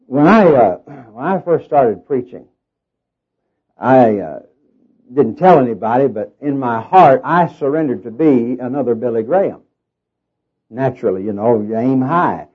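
A middle-aged man with a Southern US accent and a nasal tone, preaching a sermon in a folksy storytelling way full of fillers and self-deprecating humor. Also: mid-range voice. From Oklahoma, raised in Arkansas. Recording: dull lo-fi sermon tape.

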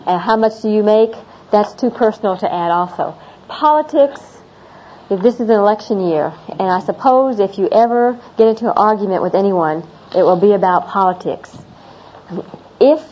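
A woman's voice: medium pitch, darkish tone. A middle-aged woman talking to a class of international students about everyday customs, chatty and a little rambling. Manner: chatty, repeats herself, laughs at her own stories. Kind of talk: classroom talk on American customs. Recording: dull lo-fi classroom recording with faint noise.

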